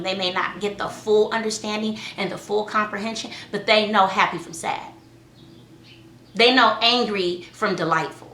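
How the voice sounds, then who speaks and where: A woman giving casual parenting advice, lively and acting out what was said in a raised voice. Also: medium pitch, a little hiss or hum. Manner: lively, acts out quotes in a raised voice. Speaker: parenting talk co-host. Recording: echoey room.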